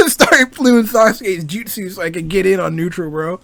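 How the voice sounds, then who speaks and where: A man's voice: high voice, animated, normal speed, vocal fry, fairly bright tone, dry recording. A young man and game designer ranting casually about video games, rambling, swearing freely and laughing often. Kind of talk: casual gaming rant.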